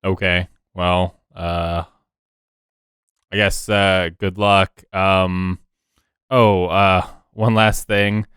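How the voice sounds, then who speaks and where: A man playing a tabletop role-playing game, describing and voicing his character in a halting way with many fillers and restarts. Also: low-pitched, little pitch movement, fairly bright tone, clear, resonant tone, dry recording, clean studio sound. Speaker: player.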